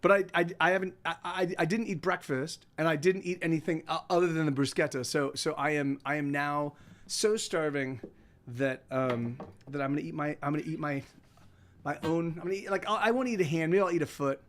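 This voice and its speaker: A man's voice: on the high side, fairly quick, fairly bright tone, slight background noise. A man chatting casually with his stream viewers, rambling and cutting himself off mid-sentence, laughing now and then. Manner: rambling, self-interrupting, laughs often. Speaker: livestreaming musician.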